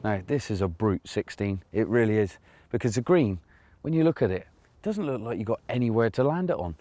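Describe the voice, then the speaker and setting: A man's voice: fairly low pitch, a little fast. Man explaining a hole on the course. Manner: lively, hands-on explaining. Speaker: on-course golf reporter. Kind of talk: on-course demonstration and commentary. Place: outdoors on a golf course.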